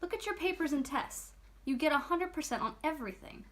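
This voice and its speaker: A woman's voice: high voice, lively intonation, a little fast, a bit bright, pitched above the performer's own voice. A stern, no-nonsense schoolteacher, as a woman reader puts her on, firm in tone and given to grumbling under her breath. She comes across as a strict storybook teacher, lightly voiced. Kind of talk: children's book read aloud.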